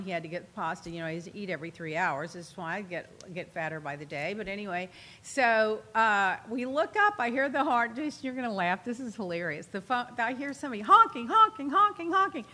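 A woman hosting a casual talk show, telling gossipy stories with lots of laughter. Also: mid-range voice. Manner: chatty, gossipy, laughs often, animated retelling. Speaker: host. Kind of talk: casual chat, storytelling.

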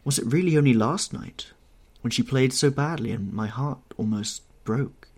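A man voicing an impassioned, self-absorbed young English gentleman in an audiobook reading, with a husky tone and heightened emotional delivery. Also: medium pitch, moderate pace, natural voice. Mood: dreamy.

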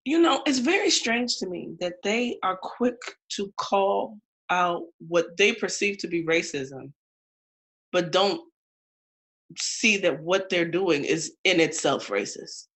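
A woman's voice: on the low side, lively intonation, fairly bright tone. A woman co-hosting a casual podcast chat, outspoken and emphatic, teasing her co-host. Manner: outspoken, emphatic, quick to tease.

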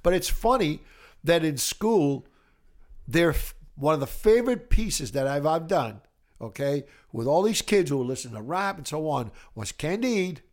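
An older man from Italy with a light Italian accent, a music educator telling animated, rambling stories with many restarts in a casual interview. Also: on the high side, a little slow. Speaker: music educator, podcast guest.

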